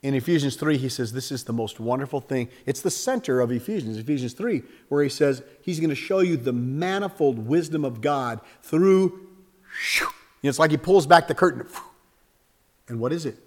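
A man preaching a sermon with lots of energy, acting out little scenes and jumping up and down in pitch and loudness. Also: normal speed, in a large hall. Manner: animated, acts out little scenes with sudden jumps in pitch and volume. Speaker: pastor.

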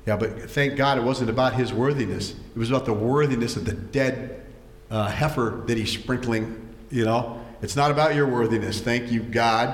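A man's voice: medium pitch, normal speed. A man preaching a sermon, telling stories with animation and acting out voices, often repeating words as he goes. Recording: echoey hall.

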